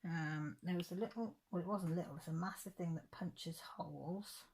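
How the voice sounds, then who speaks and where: Rambling, low-voiced woman vlogger. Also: moderate pace, darkish tone, breathy edge. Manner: rambling, loses track of days. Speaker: craft vlogger. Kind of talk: casual chat.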